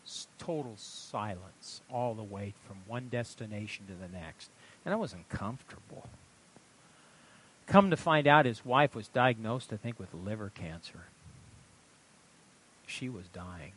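A man preaching a sermon in an impassioned storytelling manner, swinging from loud outbursts to hushed asides. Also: lowish voice, lively intonation, unhurried, pauses often, a little hiss or hum. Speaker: pastor.

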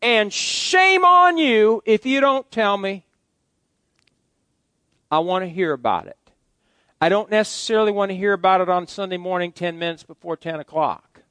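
Male pastor, middle-aged, folksy preacher, high-pitched voice, dry close mic. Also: fairly bright tone, no room sound. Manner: folksy, joking asides to the congregation. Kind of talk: sermon.

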